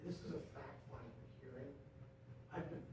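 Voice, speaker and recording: A man's voice: mid-range voice, moderate pace. A man, a former public official, interrupting a hearing with an apologetic but firm objection. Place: large echoey meeting room. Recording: echoey room from far off, clear noise.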